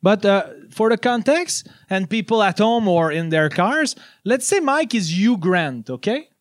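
A man's voice: high-pitched, lively intonation, unhurried, dry recording, studio quality. A man co-hosting a casual comedy podcast, giggly and hesitant, full of fillers. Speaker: podcast co-host.

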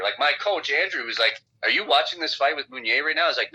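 Profane fighter on a lo-fi call. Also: male voice, medium pitch, fast talker, few pauses, slightly rough. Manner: blunt, profane, animated storytelling. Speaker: professional fighter, guest. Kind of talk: casual phone interview. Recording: dull lo-fi phone call audio.

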